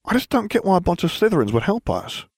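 A man's voice: high-pitched, big pitch swings, quick pace, no echo, studio quality, pitched above the performer's own voice, heavily acted. A man reading aloud and voicing a grumbling, suspicious teenage boy with a whiny edge. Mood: puzzled.

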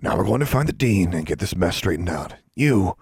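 Man doing a gruff teasing school custodian. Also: low voice, expressive, brisk, a little mellow, no room sound, studio quality, full character voice. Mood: stern.

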